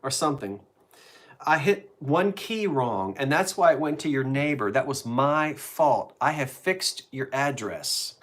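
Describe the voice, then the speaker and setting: Animated older man. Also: mid-range voice, measured pace. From South Jersey. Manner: chatty, animated storyteller. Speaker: host. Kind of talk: casual live-stream chat.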